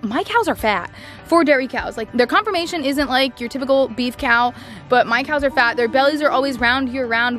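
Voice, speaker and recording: A chatty young woman talks to camera outdoors on her farm. Her voice sits notably high, and she rambles with plenty of "like" and "I don't know", turning now and then to address her animals. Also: fairly bright tone. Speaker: farm vlogger. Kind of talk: casual vlog chat to camera.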